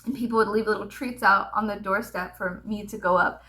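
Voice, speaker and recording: A woman's voice: medium pitch, steady tone, fairly quick, pushed and bright. A young woman vlogger telling rambling childhood stories to the camera, swearing freely and laughing as she talks. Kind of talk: casual storytelling to camera.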